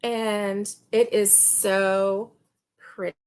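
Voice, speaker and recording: A woman's voice: medium pitch, flat delivery, a little mellow, clean tone. A woman hosting a casual chat about yarn, gushing and laughing as she talks. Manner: gushing, slow and chatty, laughs often. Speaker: host.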